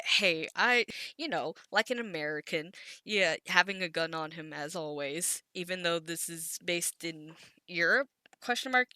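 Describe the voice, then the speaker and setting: A woman's voice: on the low side, sharp tone, smooth, no echo. A woman recapping an anime episode in casual chat, rambling with frequent giggles, stutters and restarts. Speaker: anime commentary creator.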